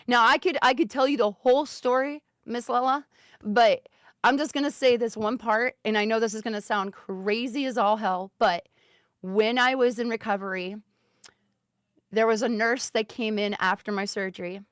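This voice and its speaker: A woman guest telling a personal health story in casual talk, earnest and emphatic, sometimes turning soft and serious. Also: on the high side, fairly even intonation, normal speed, clean tone, no room sound, studio quality.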